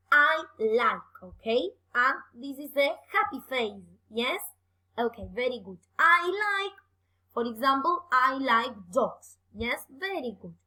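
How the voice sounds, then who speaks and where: A young woman teaching English in a bilingual online lesson for children, encouraging and slowing down to stress key words. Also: high-pitched, poor audio. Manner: lively, encouraging, slow careful emphasis on words.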